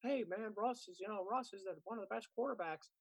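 A man's voice: sits high, fast talker, gravelly, dry recording, voice pushed up, poor audio. Smug know-it-all fan voice, lazy drawl, a man putting it on. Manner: drawling troll voice. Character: smug adult male fan, overconfident.

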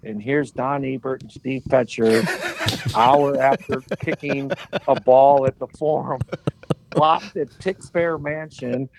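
A man in his sixties, a podcast guest telling animated anecdotes and laughing as he goes. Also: mid-range voice, slow pace, gravelly, background noise. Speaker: guest, former soccer player. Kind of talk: casual storytelling.

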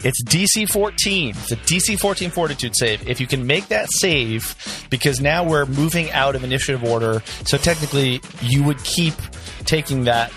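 A man's voice: mid-range voice, expressive, normal speed, over music. A man running a tabletop game as game master, explaining rules with hesitant restarts.

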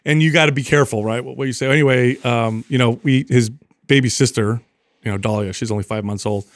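Man, podcast co-host, casual animated chat, mid-pitched voice, dry close sound. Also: fast talker, no echo. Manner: animated, laughing storyteller.

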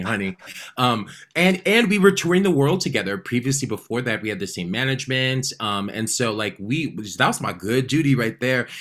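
Bright-voiced man, candid and animated. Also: fairly low pitch. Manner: animated, many restarts, acts out his inner voice loudly. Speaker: podcast guest, drag performer. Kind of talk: candid interview talk.

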